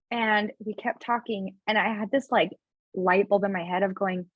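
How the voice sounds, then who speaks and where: A woman in her thirties, appearing as a podcast guest, candidly tells a personal family story, chatty and emotional, speaking in a fast flow with many "like" fillers. Her voice is medium-pitched and steady, on a dry, dull, slightly lo-fi remote recording.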